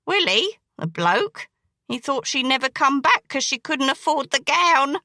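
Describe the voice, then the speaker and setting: A woman's voice: high-pitched, very animated, pushed and bright, no room sound, clean studio sound, pitched above the performer's own voice, full character voice. A woman playing a brooding killer. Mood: menacing. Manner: slow, brooding, coarse dialect. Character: menacing crippled male dressmaker killer.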